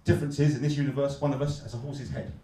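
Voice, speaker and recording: A man from London with a Cockney accent, performing a stand-up comedy set with a deadpan, mock-glum delivery and punchlines he pushes up loud. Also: mid-range voice, very fast, far from the mic, a crowd in the background. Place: comedy club stage. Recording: echoey club, heard from afar. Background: audience laughter.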